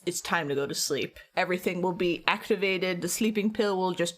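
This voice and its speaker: A tired young woman streamer chats casually with her viewers, rambling through a story and acting out her own quotes. She speaks fairly quickly in a lowish voice.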